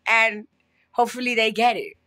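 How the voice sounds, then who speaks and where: A woman with a bright, fairly high voice chats casually to her channel. She is self-amused and jokey, and laughs often at her own stories. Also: flat delivery, moderate pace. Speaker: vlogger. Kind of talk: casual storytelling vlog.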